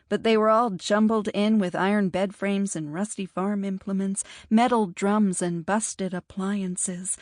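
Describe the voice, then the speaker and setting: A woman's voice: mid-range voice, a little mellow, no room sound. Woman narrating an audiobook, dry studio. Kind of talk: scripted narration.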